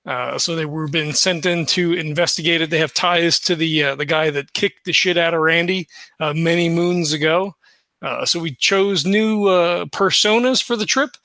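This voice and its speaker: A man's voice: a little high, steady tone, normal speed, sharp tone, no room sound. A man casually recapping the last session of a tabletop game for a podcast, loose and full of fillers. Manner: loose, filler-heavy, laughs easily.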